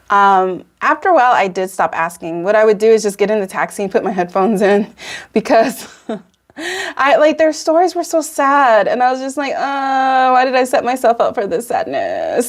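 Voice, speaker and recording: A woman in her thirties from Atlanta, hosting a vlog, chatting casually and giggling often as she reacts and tells stories. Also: mid-range voice. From Atlanta, Georgia, USA. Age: 30s. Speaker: vlog host.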